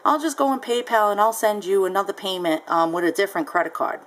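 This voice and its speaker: A woman's voice: mid-range voice, fast, natural voice. A woman voicing a nonchalant, sugary female buyer brushing off a problem on the phone. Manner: sugary, dismissive reassurance.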